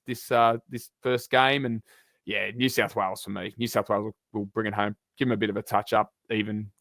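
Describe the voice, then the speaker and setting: Relaxed man, dry sound. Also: medium pitch, dry recording. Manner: relaxed, rambling with restarts. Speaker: podcast guest. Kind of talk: casual sports podcast chat.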